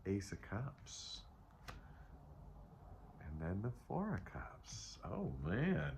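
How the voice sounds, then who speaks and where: Rambling low-voiced man reading tarot. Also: huge pitch swings, extremely slow, a little mellow, a little hiss or hum. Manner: rambling, self-interrupting, playful asides. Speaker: tarot reader. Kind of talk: casual spiritual tarot reading.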